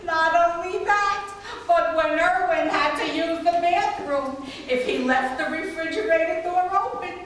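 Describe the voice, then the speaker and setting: Stage sketch: actress as a droll old neighbor lady, high and slow, broken grammar, heard far off in a reverberant room. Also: a little hiss or hum. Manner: meandering deadpan storytelling, broken grammar. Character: chatty older woman neighbor, rambling and droll. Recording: echoey stage recording from far off.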